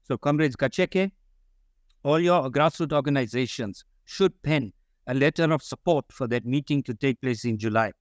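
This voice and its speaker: A man's voice: mid-range voice, moderate pace, dry recording, studio quality. A man giving formal closing remarks at a symposium, earnest and solemn, calling everyone comrade over a video call. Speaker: symposium speaker.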